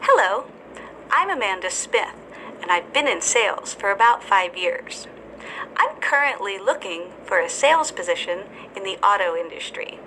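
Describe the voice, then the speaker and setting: A woman teacher voicing a confident, friendly adult woman job seeker as a measured speaking model. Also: mid-range voice, very animated, pushed and bright, a little hiss or hum, low-quality recording.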